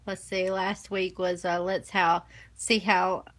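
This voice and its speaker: A woman with a Southern US accent hosts a relaxed live stream from her computer at home, chatting in a bright, clear voice. She takes her time, drawling along at an unhurried pace, laughing often and teasing her listeners. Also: fairly low pitch, rough recording. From American South. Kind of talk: casual live-stream chat.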